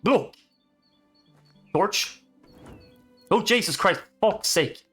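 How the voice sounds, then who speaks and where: A man giving casual, excitable commentary while playing a video game, swearing and chatting to the animals he meets. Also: high-pitched, drawn-out words, soft background music. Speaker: gaming streamer.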